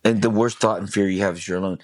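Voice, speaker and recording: A man's voice: on the low side, fairly even intonation, fast talker, no echo. Emphatic man telling his story, dry sound. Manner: intense, emphatic, swears freely. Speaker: podcast guest. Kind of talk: personal testimony storytelling.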